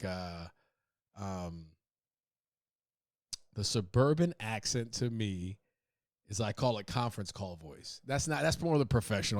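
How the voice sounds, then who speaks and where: With a mid-range voice and clean, echo-free studio sound, a man hosts a podcast and goofs around in a loose, foul-mouthed comedic monologue, cracking himself up along the way.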